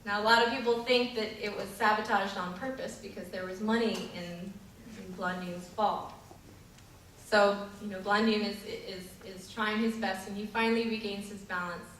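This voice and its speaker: A woman's voice: mid-range voice, steady tone, normal speed, fairly bright tone, a little hiss or hum. A woman giving a sermon and telling a story, in an earnest way with some fillers and restarts. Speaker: preacher. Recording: echoey hall, distant mic.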